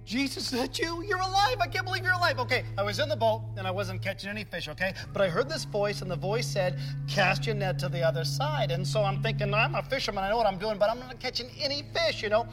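A man plays a high-voiced, exuberant fisherman apostle who rambles on in a church skit. He talks breathlessly and casually, with soft music running underneath. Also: animated, fast, few pauses, rough recording. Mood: overjoyed. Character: excitable adult male apostle Peter, eager fisherman.

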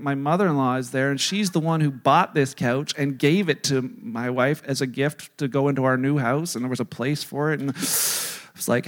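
A man's voice: on the high side, fairly bright tone. A middle-aged man, a pastor, preaching and telling a self-deprecating story with quoted dialogue. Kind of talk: sermon storytelling.

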